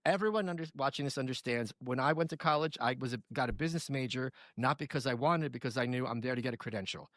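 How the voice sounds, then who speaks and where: A man's voice: mid-range voice, a bit bright, no room sound. A man in a casual panel chat, making sarcastic, mocking asides.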